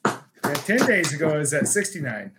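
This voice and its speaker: A man's voice: fairly high pitch, big pitch swings, normal speed, noisy background. A man co-hosting a comedy podcast, making dry, self-deprecating jokes in casual banter. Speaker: podcast co-host.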